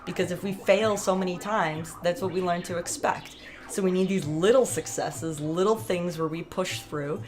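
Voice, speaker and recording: A woman's voice: on the low side, normal speed, a little mellow. A woman vlogger talking casually to camera, chatty and rambling, laughing often.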